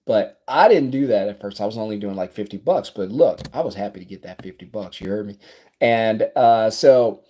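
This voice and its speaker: A man in his thirties with a South Louisiana accent, a business coach telling a story to camera in his office in an animated, conversational way. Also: on the low side, normal speed. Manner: animated, conversational, acts out dialogue.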